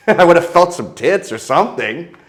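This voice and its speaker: Animated storytelling man from Canada. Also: on the high side, normal speed. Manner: animated, mimics voices in anecdotes. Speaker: guest. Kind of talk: crude comic storytelling.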